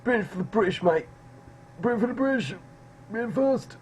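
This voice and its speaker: A man putting on the voice of a loud, brash male British nationalist who shouts slogans. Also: high voice, lively intonation, fairly quick, a little hiss or hum, voice pushed up, rough recording. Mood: ranting.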